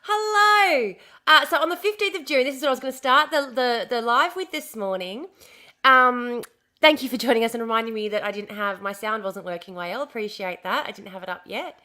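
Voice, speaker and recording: Woman streamer, chatty and bubbly, high and bright, slightly hoarse. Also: fairly quick. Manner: chatty, bubbly greetings, swears casually. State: recovering from lost voice, slightly hoarse. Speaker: livestream host. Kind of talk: casual livestream chat.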